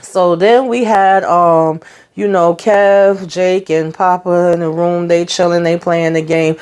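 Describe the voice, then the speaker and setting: A woman's voice: fairly low pitch, fairly even intonation, slow pace, a little mellow, clear, resonant tone. A woman runs through a TV episode recap in a loose, conversational way. She talks in an easy, colloquial manner and laughs often as she tells it. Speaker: TV show reviewer.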